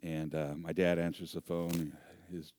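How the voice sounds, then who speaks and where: A man preaching a sermon, an animated storyteller with self-deprecating humor. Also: low-pitched, a little slow. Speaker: pastor.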